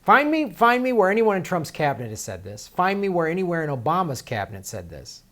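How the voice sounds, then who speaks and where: A man's voice: high voice, huge pitch swings, brisk, bright, forceful tone. Sarcastic man ranting about politics. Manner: sarcastic, heated, with many fillers and restarts. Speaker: political commentary host.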